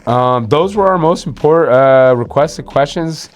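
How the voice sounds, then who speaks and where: A man's voice: a little high, a little slow, faint music behind. A man hosting an insurance video series, explaining coverage in a casual, conversational way with frequent fillers and restarts.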